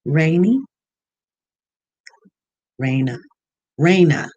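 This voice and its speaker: A livestream host in casual chat, greeting viewers one by one by name in an easygoing, unhurried way and inviting them to call in. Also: medium pitch, dark tone.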